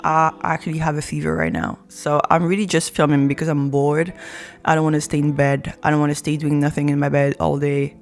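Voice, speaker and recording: A young woman with a sore throat and hoarse voice, chatting casually in a vlog, rambling and teasing herself in a playful way. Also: sits low, brisk, faint music behind. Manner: rambling, playful, self-mocking. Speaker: YouTuber.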